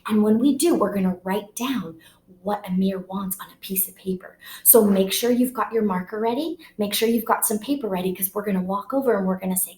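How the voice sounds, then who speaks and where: A woman teaching young children, speaking slowly in an exaggerated, sing-song teacher voice during make-believe play. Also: medium pitch, reverberant. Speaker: preschool teacher.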